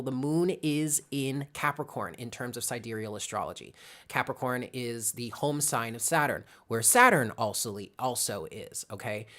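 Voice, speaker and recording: A tarot reader giving a live reading to viewers, talking casually, thinking aloud, greeting viewers by name and often checking in with "okay?". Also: medium pitch. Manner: addresses chat viewers by name.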